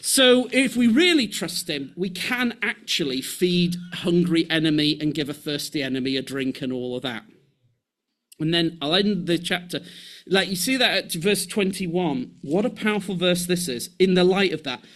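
A man preaching a sermon with animated delivery, restarting phrases and acting out quoted voices. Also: fairly high pitch, moderate pace.

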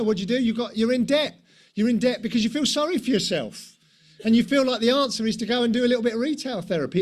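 A man with a high, light voice preaches a conversational sermon. He leans on rhetorical questions and tag questions and slips in self-deprecating asides. He sounds middle-aged.

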